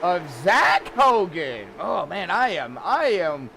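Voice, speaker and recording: A man calling sim race action as commentator, in a slow, drawn-out way with sudden excited outbursts. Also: high voice, gravelly, slight background noise.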